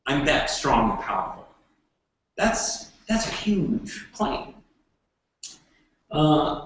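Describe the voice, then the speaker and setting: A man giving a classroom lecture, talking haltingly with many fillers and restarts. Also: a little high, very animated, a bit bright. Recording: echoey room, voice from far off.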